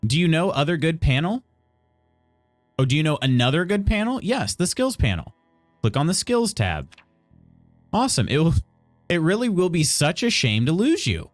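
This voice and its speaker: A man's voice: a little high, very animated, moderate pace, pauses often, dry recording, faint music behind. A man streaming a game live, reading tutorial text aloud and adding playful, wry asides to chat.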